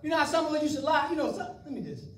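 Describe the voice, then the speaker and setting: High-voiced preacher in an echoey church. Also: male voice, very animated, very fast, a little hiss or hum. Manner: folksy, joking asides to the congregation. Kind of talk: sermon. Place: church sanctuary. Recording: echoey room, voice from far off mic.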